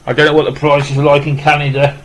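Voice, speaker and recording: Man, slightly high voice, flat monotone delivery, rambling casual unboxing chat. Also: fast, poor audio. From West Midlands, England. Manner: rambling, repeating "wow" and restarting with many fillers. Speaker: vlogger opening a parcel of rock music gifts.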